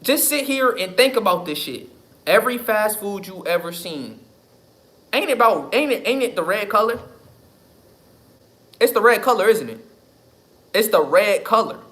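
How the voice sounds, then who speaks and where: High voiced guy w/ aave going off on a live, cussing and repeating stuff. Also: lively intonation, moderate pace, long pauses, fairly bright tone. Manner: emphatic, profane, repeats himself. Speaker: livestream host. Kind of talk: casual livestream talk.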